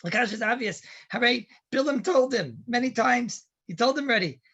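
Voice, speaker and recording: A man, a rabbi giving a weekly Torah talk, telling it in an animated way and mixing in Hebrew and Yiddish terms. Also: very high-pitched, a little fast, slightly rough, lo-fi sound.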